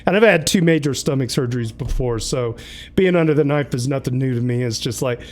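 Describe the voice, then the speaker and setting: A man's voice: mid-range voice, fairly quick. A man hosting a casual livestream, upbeat and chatty, running through announcements and names. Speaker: livestream host.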